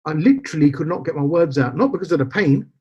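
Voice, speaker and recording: A man's voice: on the high side, big pitch swings, quick pace, warm tone. A man, telling a personal story as a podcast guest, acting out quoted dialogue and slipping in Punjabi phrases. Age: 40s. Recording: slightly dull lo-fi podcast audio.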